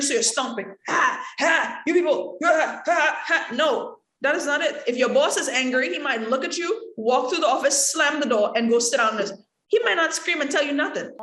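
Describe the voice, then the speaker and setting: A woman from the Caribbean teaching an acting workshop, talking straight to the room and acting out examples as she goes. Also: high-pitched. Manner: animated, talks to the room, acts out examples. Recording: echoey room.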